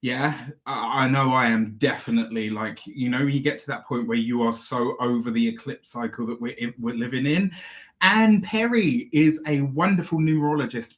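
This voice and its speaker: A man's voice: medium pitch, expressive, fairly quick. A man, an astrologer, chatting effusively with viewers on a live stream through a small clip-on mic. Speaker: astrologer and tarot reader. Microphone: small clip-on microphone.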